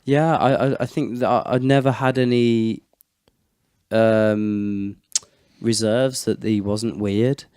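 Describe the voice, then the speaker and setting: British male podcast co-host, rambles with lots of ums, smooth clear voice, dry close sound. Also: fairly low pitch, steady tone, takes it slowly, mellow, no echo. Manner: rambling, hesitant, laughs often. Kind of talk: casual chat.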